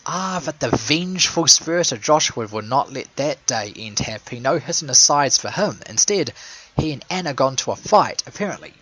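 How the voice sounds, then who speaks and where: Male commentator: sarcastic rambler, lively swings in pitch. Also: normal speed, rough recording. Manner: sarcastic, rambling, laughs at own jokes. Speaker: show fan and caller. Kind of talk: casual commentary monologue.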